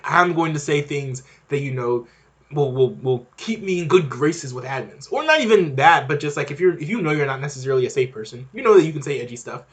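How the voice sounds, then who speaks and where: A man's voice: fairly high pitch, a bit bright. A young man hosting a podcast, talking in a casual, rambling monologue with many fillers and restarts. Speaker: podcast host.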